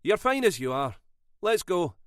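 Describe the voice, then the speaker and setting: A man playing a protective, forceful big brother. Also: sits high, very animated, measured pace, no echo, clean studio sound, voice pushed up. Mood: firm. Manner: firm, commanding.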